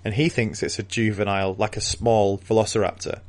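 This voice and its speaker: A man with a lowish voice talks through a book chapter in casual podcast chat. He rambles and restarts often, and breaks into laughter along the way. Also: flat delivery, brisk.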